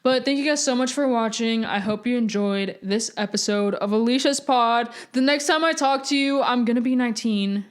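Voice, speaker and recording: A woman's voice: on the high side, normal speed, hardly any pauses, clean tone. A young woman of eighteen hosts her own podcast alone. She talks in a loose, rambling, chatty way. She keeps poking fun at herself as she goes. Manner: rambling, chatty, self-mocking. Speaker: podcast host. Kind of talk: casual solo podcast chat.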